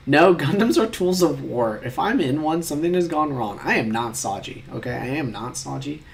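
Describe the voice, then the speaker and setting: A man's voice: fairly high pitch, lively intonation, normal speed, vocal fry, slight background noise. A young man chatting casually while taking online quizzes, reading questions aloud and rambling in mock-outraged asides, sometimes muttering.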